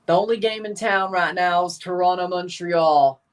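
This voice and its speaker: A slightly hoarse man in his twenties, chatting through a livestream watchalong with running play-by-play asides. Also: high-pitched, normal speed. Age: 20s. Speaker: streamer reacting to a match.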